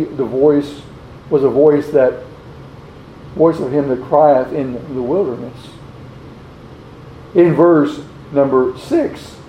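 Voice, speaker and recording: A man preaching a sermon, slowly posing rhetorical questions and reading scripture aloud in old-fashioned wording. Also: on the high side, dark tone, slight background noise. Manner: slow, deliberate, repeats rhetorical questions. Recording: roomy, dull lo-fi recording.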